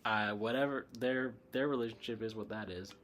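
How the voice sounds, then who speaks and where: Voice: mid-range voice, brisk, fairly bright tone. A spiritual livestream host chatting casually through a bout of hiccups, rambling and laughing often.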